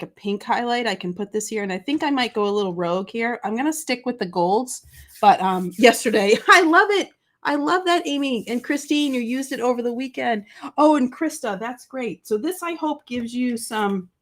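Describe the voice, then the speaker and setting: Live craft-show host, woman, bright chatty gusher, coughing through a summer cold, pitched a touch high. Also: normal speed. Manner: gushing, talks to the chat.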